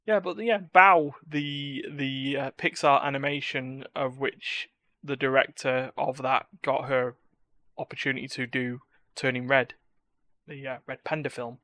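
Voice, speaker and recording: A man hosting a relaxed gaming podcast, his voice sitting at an ordinary middle pitch. He rambles, circles back and restarts his sentences, airing firm opinions. The sound is close and dry. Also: a little slow, no room sound. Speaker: podcast host. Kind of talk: casual chat.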